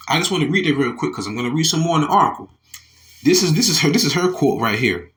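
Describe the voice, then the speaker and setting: Man, higher voice, swooping and animated, reads news aloud and riffs on it with Bible verses, stumbles and repeats himself, "y'all" to viewers. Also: fast talker. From Southern United States. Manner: animated, restarts and repeats words, calls listeners y'all. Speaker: religious commentator. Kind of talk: reading and commenting on a news article with scripture.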